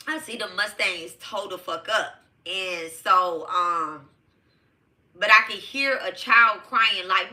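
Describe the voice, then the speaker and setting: Middle-aged woman from Detroit, very bright tone, blunt, profane live storyteller. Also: mid-range voice. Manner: emphatic, profane, addresses listeners as y'all. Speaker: host of a live tarot show. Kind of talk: casual storytelling to a live audience.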